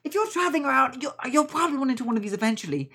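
A woman voicing a fussy, doting older auntie in a tabletop role-play game, in a high, loud voice. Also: expressive, rapid-fire, gravelly, breathy edge, heavily acted.

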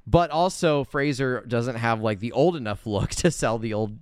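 A man chatting casually in a movie review podcast, rambling with lots of filler words and animated bursts. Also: medium pitch, moderate pace, smooth, no echo, studio quality. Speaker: podcast co-host.

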